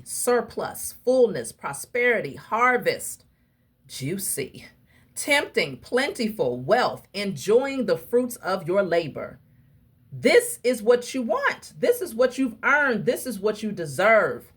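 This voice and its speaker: A woman giving a casual tarot reading to her viewers, talking emphatically and in a preachy way straight to them, with a husky voice. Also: mid-range voice, very animated, measured pace. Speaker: tarot reader.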